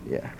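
A man preaching to an audience, who repeats phrases for emphasis and climbs to forceful peaks. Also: a little hiss or hum. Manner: lively, rising to forceful peaks. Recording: dull lo-fi recording.

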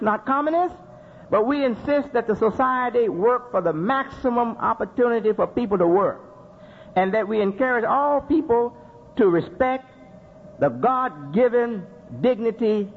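A man's voice: extremely high pitch, lively intonation, a little slow. A man preaching a sermon, repeating phrases for emphasis and asking rhetorical questions. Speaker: Muslim preacher. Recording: dull lo-fi recording with faint noise.

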